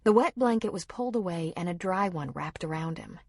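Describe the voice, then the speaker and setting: A woman reads an audiobook in steady, dramatic narration, her voice fairly low with a husky edge. The recording is close to the mic and dry, with no room sound. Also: brisk, dry recording. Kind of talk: scripted narration.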